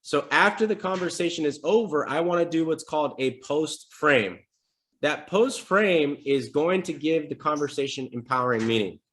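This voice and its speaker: A fairly high-voiced man talks at a moderate pace while coaching salespeople over a live stream at his home desk setup. His teaching is energetic and conversational, with sample sales calls he role-plays himself.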